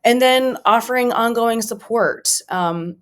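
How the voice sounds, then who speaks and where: A woman talking earnestly and gently about supporting others, thinking aloud with restarts and acted-out example phrases. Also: fairly high pitch, a little slow. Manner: reflective, gentle, with frequent restarts and quoted examples. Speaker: podcast host and survivor advocate. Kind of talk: earnest advice talk.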